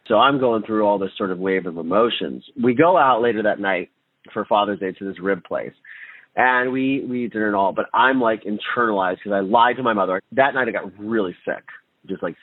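A man recounting his childhood in a candid, halting way, with nervous laughs. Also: fairly low pitch, breathy edge, no echo. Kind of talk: personal testimony. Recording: tinny phone-like line with faint music.

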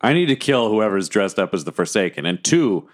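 A man playing a tabletop game, animated and laughing as he talks. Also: on the low side, fairly quick. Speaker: player. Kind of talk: casual game chat.

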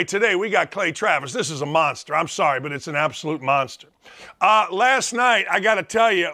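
A man hosting a sports talk show, delivering a blunt, emphatic, opinionated monologue and repeating his points for punch. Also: high voice. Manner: blunt, emphatic, repetitive, acts out shouted quotes.

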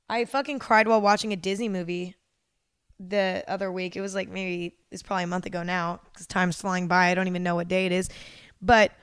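Candid young woman podcast host, smooth voice. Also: medium pitch, no room sound, studio quality. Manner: candid, swears freely, lots of "like". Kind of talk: casual confessional monologue.

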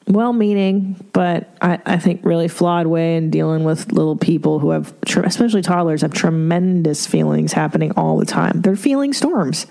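Speaking at a moderate pace, this middle-aged woman has a low, creaky, mellow voice. She's hosting an advice podcast and talks openly and profanely in a casual monologue, laughing and throwing in rhetorical asides.

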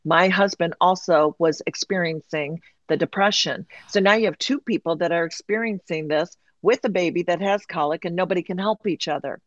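A woman guest telling a candid personal story in conversation, animated and acting out quoted voices. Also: lowish voice, normal speed, few pauses, no echo, dull audio.

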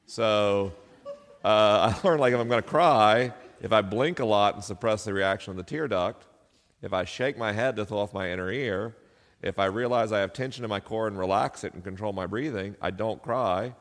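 A man's voice: on the low side, moderate pace. A middle-aged man, a podcast host, telling a personal story live to an audience, self-deprecating and laughing often. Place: live venue. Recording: live hall with long reverb.

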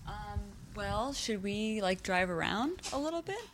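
A woman's voice: mid-range voice, expressive, a little slow. A woman interviewing someone on location, asking friendly, hesitant questions full of fillers. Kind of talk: casual field interview.

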